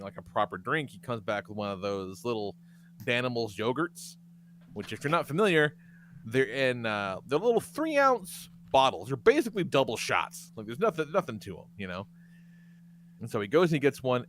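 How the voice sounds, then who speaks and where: A man hosting a podcast, telling profane, animated stories in casual chat and laughing often. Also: mid-range voice, a little hiss or hum. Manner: profane, animated storyteller who laughs a lot. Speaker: podcast host.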